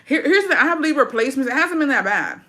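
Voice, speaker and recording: A woman's voice: sits high, sing-song, fast talker, bright, forceful tone. Brash, profane young woman streamer. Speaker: livestreamer. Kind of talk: casual chat answering viewer comments.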